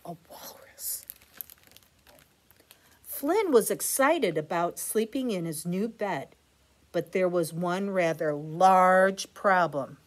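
A woman reads a bedtime picture book aloud to children at a slow, unhurried pace. Her voice rises and falls expressively, and she adds gentle, chatty asides. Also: on the low side, animated. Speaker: storyteller, teacher.

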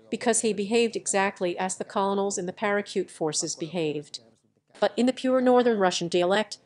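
A woman with a mid-range voice reads a translated lecture transcript aloud. Her delivery is even and measured, and she announces each question and answer in turn. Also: mid-range voice.

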